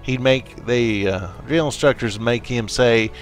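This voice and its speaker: A man's voice: medium pitch, unhurried, soft background music. A man casually commenting on his gameplay, rambling into stories with many fillers and restarts, and talking straight to the viewers. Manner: coaching and encouraging, speaks straight to viewers. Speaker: let's play gamer.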